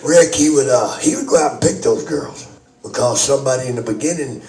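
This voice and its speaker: A man's voice: medium pitch, brisk, a little mellow. A man telling a crude, rambling anecdote to a group, swearing and laughing often. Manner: profane, laughing, rambling storyteller. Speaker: storyteller. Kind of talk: crude anecdote told to an audience. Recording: echoey room from far off, crowd behind.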